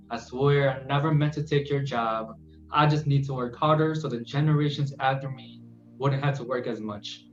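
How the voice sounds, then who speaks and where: A man performing his own spoken word poem on a podcast, earnest and measured. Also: medium pitch. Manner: earnest, measured delivery that slows and softens. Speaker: guest poet. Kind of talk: spoken word poetry reading. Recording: roomy, muffled podcast audio.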